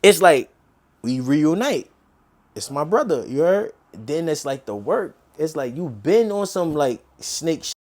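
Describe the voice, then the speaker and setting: High-voiced New man telling a story. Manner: animated street slang, quick quoted dialogue. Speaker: interview guest. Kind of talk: casual storytelling.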